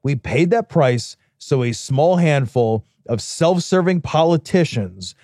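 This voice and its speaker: Podcast guy ranting hard, swears, high-ish voice that swings a lot. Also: animated, slow pace, dark tone, no echo, studio quality. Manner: impassioned, emphatic ranting with profanity. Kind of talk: casual chat.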